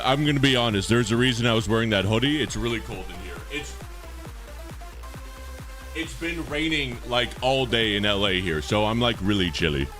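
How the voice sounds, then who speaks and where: A man talking casually to his live-stream chat, his voice swinging widely between low asides and sudden shouted exclamations. He speaks at a middle pitch in a joking, animated way, with faint music playing behind him indoors.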